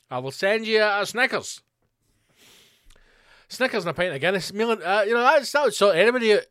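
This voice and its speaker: A man's voice: high-pitched, fairly bright tone, no echo, studio quality. A man with a Glasgow accent hosting a podcast, ranting solo in a sweary, sarcastic, rambling way. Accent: Scottish, Glasgow. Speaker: podcast host.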